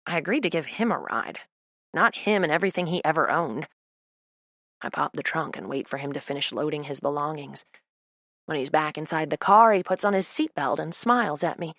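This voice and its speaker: A woman's voice: low-pitched, a little fast, fairly bright tone, no echo. A woman narrating a novel in the first person as an audiobook, with a dry, wry delivery.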